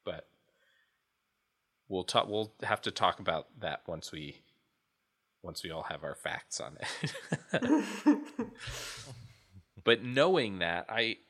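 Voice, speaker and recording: Deep-voiced man in a bright, rambling chat. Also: sing-song, takes it slowly, gravelly, long pauses. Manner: rambling, restarts thoughts often. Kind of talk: casual chat.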